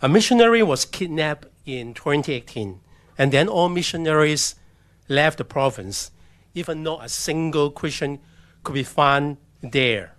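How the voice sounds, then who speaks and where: A man from China, telling his personal story as a missionary in a halting way, often restarting his sentences. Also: fairly high pitch, lively intonation, a bit bright, dry recording. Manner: halting, with restarts and acted-out quotes. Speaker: missionary speaker. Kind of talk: personal testimony talk with slides.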